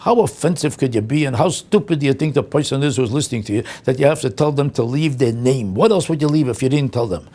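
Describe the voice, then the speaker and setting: A man's voice: medium pitch, fast talker, few pauses, warm tone. An older man delivering a comic rant, indignant and incredulous, piling up exasperated insults. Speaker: comedian. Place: home vlog.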